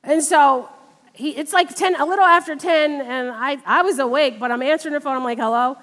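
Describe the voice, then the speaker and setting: A high-pitched woman delivers a sermon in a church sanctuary, her voice ringing with a long hall reverb. She speaks in a conversational way, weaving a personal testimony into her teaching. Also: a little fast. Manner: conversational, animated in retold dialogue. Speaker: preacher.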